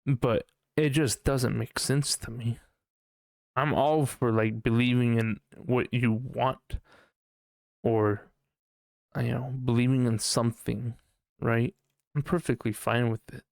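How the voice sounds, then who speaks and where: A man's voice: medium pitch, steady tone, slow, creaky, pauses often, darkish tone, no echo, studio quality. A man hosting a casual solo podcast, rambling and swearing as he thinks aloud, often unsure of himself. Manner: rambling, profane, unsure musing. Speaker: podcast host.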